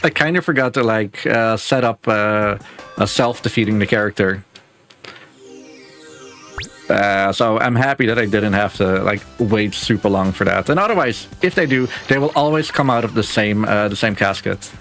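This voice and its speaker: A man speedrunning a game on a live stream, explaining his moves in a relaxed, casual way with plenty of filler words. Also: fairly low pitch, moderate pace. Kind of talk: casual live gameplay commentary. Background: game music.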